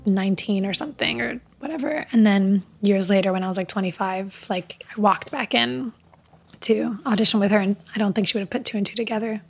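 In a casual interview, a young adult actress with an unusual, gravelly voice rambles, full of "like" fillers and restarts. Her female voice is medium in pitch and brisk.

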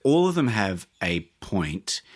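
A man's voice: on the low side, slow. A man, telling stories animatedly and mocking himself as an interview guest. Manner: animated, self-mocking, laughing often. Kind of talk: interview storytelling.

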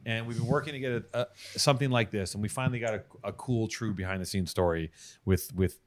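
A man's voice: on the low side, fast. A man hosting a podcast who chats casually, cracks jokes and swears freely. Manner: joking, profane. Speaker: podcast host. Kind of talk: casual chat.

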